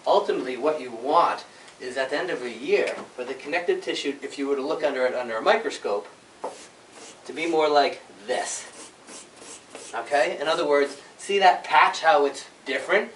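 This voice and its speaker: A male chiropractor explains things to a small group in a loose, chatty way, tagging "all right?" onto his points. His voice sits somewhat high and comes from across a reverberant office room. A faint hum of room noise lies behind him. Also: normal speed. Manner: conversational, keeps checking in with "all right?" and "right?"; animated storytelling with sound effects. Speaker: chiropractor giving a workshop. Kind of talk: informal health workshop talk. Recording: echoey room, mic at a distance.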